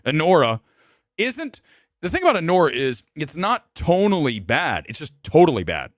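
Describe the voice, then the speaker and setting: A man's voice: very animated, moderate pace, no echo, studio quality. Blunt opinionated man hosting a movie chat. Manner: blunt, opinionated, swings between loud outbursts and low mutters. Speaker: film talk show host. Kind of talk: live movie review chat.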